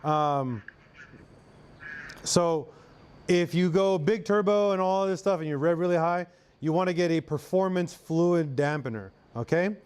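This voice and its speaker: Young Southern man with a smooth voice. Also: a little high, unhurried, darkish tone. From Arkansas, USA. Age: young adult. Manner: loose, chatty, answers chat, drawling "y'all". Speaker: mechanic streamer. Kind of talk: casual live-stream chat.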